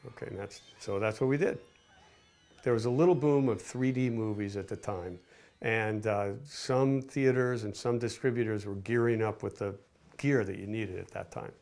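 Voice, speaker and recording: An older man with a low, gravelly voice looks back on his film career. He rambles, doubling back and restarting his sentences in a loose interview manner. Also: moderate pace, darkish tone. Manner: rambling, with many restarts and fillers. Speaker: film director and producer. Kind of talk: casual interview recollection.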